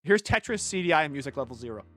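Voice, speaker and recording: A young man chatting on a game stream, his voice sitting a little high for a man. He rambles, swears freely and gets excitable, breaking into goofy character impressions as he talks. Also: rapid-fire, no room sound. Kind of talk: casual chat while gaming.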